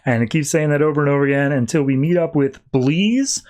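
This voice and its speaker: A man's voice: on the high side, a little fast, darkish tone. A man hosting a podcast, casually recapping a comic with lots of fillers. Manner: chatty, many "like" fillers. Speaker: podcast host.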